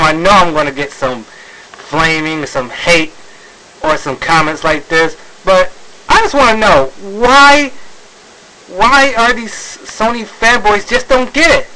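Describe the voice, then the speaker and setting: Fed-up male vlogger, slow, with a faint hiss on the recording. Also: fairly high pitch, bright, forceful tone, rough recording. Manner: exasperated, sighing, frequent fillers and restarts. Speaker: video blogger. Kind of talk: ranting video commentary.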